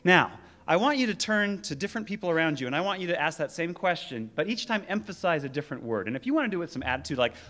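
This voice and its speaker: A man's voice: on the high side, lively intonation, fast talker, few pauses, fairly bright tone, slight background noise. A man, a youth minister, giving a church address to young people, earnest and playful as he projects to the crowd. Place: church sanctuary.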